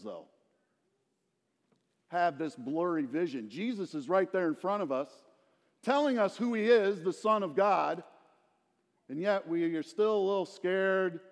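A man's voice: on the high side, long reverb tail. A middle-aged male pastor preaching a sermon, telling the story with animation and asking the congregation questions.

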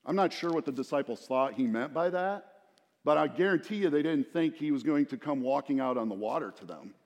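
A middle-aged man giving a sermon, talking with his listeners, breaking into asides and retelling the scene as a story. His voice sits a little high for a man. The sound trails off in a long hall reverb. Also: lively intonation, brisk. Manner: conversational, storytelling preacher with asides to the congregation. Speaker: pastor.

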